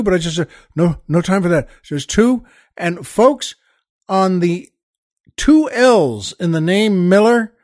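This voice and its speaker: A man with a fairly high voice spins a backstage story in lively comic fashion. He drops quiet and then swells for punchlines, and the sound is close and dry with no room around it. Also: no echo. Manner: animated, acts out quoted voices, shifts between hushed and loud. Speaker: comedian telling a backstage story. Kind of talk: storytelling anecdote.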